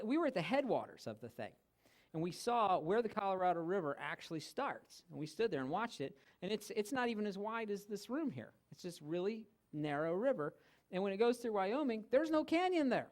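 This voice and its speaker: A man giving a church teaching talk, telling stories with humor and animated delivery. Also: sits high, fairly quick. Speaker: guest teacher. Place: church hall.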